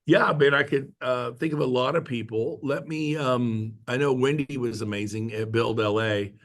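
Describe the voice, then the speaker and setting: A middle-aged man, a guest speaker at a real estate team meeting, talks casually over a video call. He's a jokey, chatty storyteller who acts out quotes, with a medium pitch, fairly even intonation, and moderate pace.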